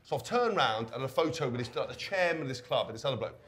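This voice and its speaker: A man on a live show stage, telling rude, animated stories and acting out the quotes. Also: medium pitch, quick pace, a little hiss or hum. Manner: animated, swearing, acts out quotes. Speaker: podcast co-host. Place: stage in front of a live audience.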